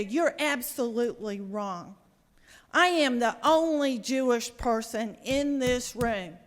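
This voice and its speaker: A woman's voice: sits high, fairly bright tone. A woman state senator, giving an impassioned, indignant floor speech. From American South. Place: large legislative chamber. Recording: reverberant chamber.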